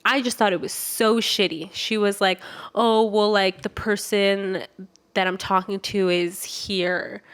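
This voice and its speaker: A woman's voice: medium pitch, steady tone, a little slow, fairly bright tone, clean tone. A young woman co-hosting a podcast, casually telling a story, acting out the quoted voices and swearing freely. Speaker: podcast co-host.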